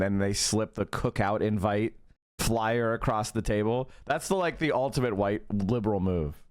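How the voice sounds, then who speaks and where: A man hosting a live stream, giving political commentary in an animated, profane rant full of tangents. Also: lowish voice, normal speed. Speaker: streamer host.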